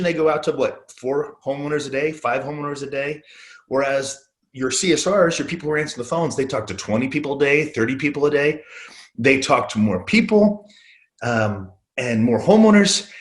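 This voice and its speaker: A man in his forties presenting a motivational sales webinar, earnest and story-driven, with frequent ums and uhs. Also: mid-range voice.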